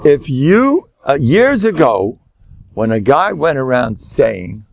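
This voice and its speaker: A man's voice: mid-range voice, big pitch swings, slow pace, creaky, no room sound. An older man, a rabbi teaching a class, lecturing live to an audience in a joking way and sprinkling in Yiddish and Hebrew terms.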